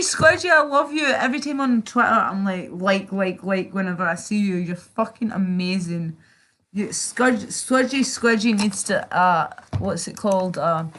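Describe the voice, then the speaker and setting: A young British woman chatting casually on a livestream, chatty and sweary, reading and answering her chat. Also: medium pitch. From Britain. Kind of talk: casual live-stream chat.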